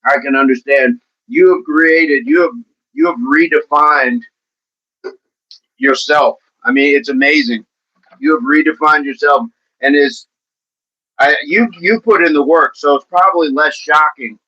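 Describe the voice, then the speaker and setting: Bright-voiced man chatting on a livestream. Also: on the high side, measured pace, dull audio. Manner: talkative, encouraging, addresses viewers by name. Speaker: livestream host reading chat. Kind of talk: casual livestream chat.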